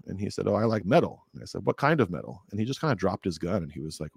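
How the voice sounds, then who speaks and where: A man in his thirties from California, a podcast guest telling rambling, animated stories and acting out quotes in a higher voice. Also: fast talker, gravelly, breathy edge, no echo. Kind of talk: casual storytelling interview.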